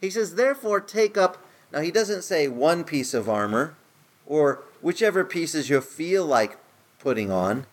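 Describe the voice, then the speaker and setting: A middle-aged man preaching in a conversational sermon style, his voice climbing higher when he stresses a point. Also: big pitch swings, unhurried. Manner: conversational preaching, rises in pitch for emphasis. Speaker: pastor.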